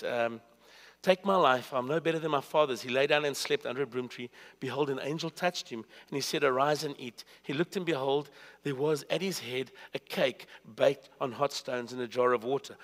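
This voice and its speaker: Preacher man with a hall echo. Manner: swings from loud high bursts to hushed low asides. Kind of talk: sermon. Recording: long reverb of a hall.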